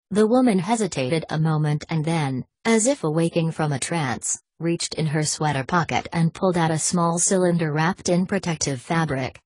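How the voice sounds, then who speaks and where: A woman reads an audiobook in a measured, steady way. Her voice is low and husky, and the recording is dry and close with no room sound. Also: no room sound. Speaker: audiobook narrator. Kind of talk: audiobook narration.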